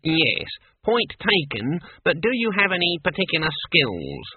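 Man playing a fussy young clerk, bouncy officious questions, husky tinny sound. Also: fairly high pitch, wildly swooping pitch, a little slow, pitched above the performer's own voice, heavily acted. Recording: tinny narrow-band dry recording.

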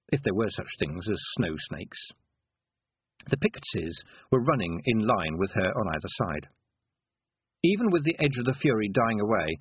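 A man narrates a storybook with an expressive, lively lilt that rises and falls a great deal. His voice is husky and comes through a thin, phone-like band. The recording is bone dry, with no room sound. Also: mid-range voice, no room sound. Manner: expressive, varied delivery. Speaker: audiobook narrator.

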